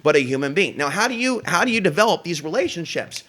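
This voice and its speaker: A man's voice: fairly high pitch, big pitch swings, fast, a bit bright. A man hosting his own talk show, delivering a profane, confrontational solo rant. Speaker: show host.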